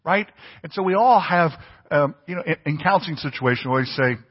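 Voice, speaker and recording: Husky preacher in an echoing hall. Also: male voice, on the high side, animated, a little fast. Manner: conversational preaching, asks the congregation questions. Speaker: pastor. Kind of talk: sermon. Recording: dull lo-fi church recording with long reverb.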